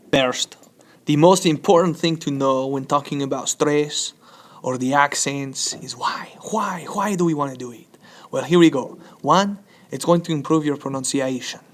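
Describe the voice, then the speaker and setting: A man teaching a Spanish lesson from slides, upbeat and chatty, often checking in with "okay?". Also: fairly high pitch.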